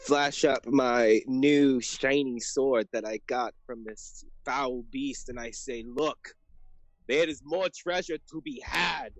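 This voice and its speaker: A man voicing his pirate captain at a tabletop game, speaking slowly. His voice is dry and close, with little room sound. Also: medium pitch, no echo. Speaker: player.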